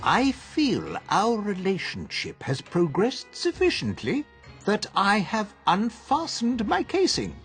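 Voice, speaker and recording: Florid old gem dealer, game character, very slow, high sing-song delivery, faint music behind. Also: male voice, huge pitch swings, fairly bright tone, heavily acted. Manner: pompous, ornate, lecturing. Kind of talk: video game character dialogue.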